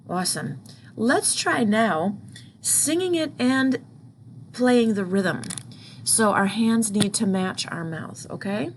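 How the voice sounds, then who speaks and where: A woman's voice: mid-range voice, animated, normal speed, slight background noise. A music teacher explaining rhythms patiently, step by step, speaking into a computer mic at her desk. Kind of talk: online music lesson.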